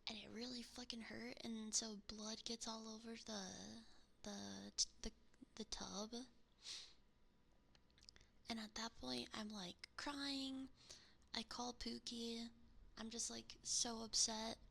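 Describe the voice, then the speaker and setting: A woman streamer whispers through a rambling story in ASMR chat, taking her time over each phrase. Her soft voice carries a crisp, bright edge with plenty of gravelly fry, picked up close on a binaural mic. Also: on the high side, level tone, slow, pauses often.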